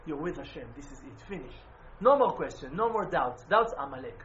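Man, emphatic religious teacher; high-pitched, faint background noise on a muffled recording. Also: expressive, brisk. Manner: emphatic, swings from loud exclamations to quiet intensity. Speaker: Breslov Hasidic teacher. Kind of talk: impassioned religious talk.

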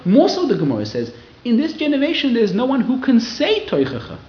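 A man giving a lively Torah class to a live audience, acting out quoted people in raised voices. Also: very high-pitched, a little fast. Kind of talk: lively sermon-style Torah lecture. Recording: roomy, slightly dull hall recording.

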